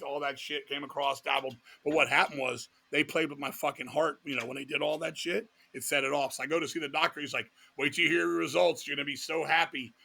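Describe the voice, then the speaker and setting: Gravelly middle-aged guy from virginia ranting through road stories, kinda raspy and bright, swears a lot. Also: on the high side. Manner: profane, fast-paced anecdotes with voiced quotes. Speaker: guest, death metal vocalist. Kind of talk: animated storytelling in casual talk.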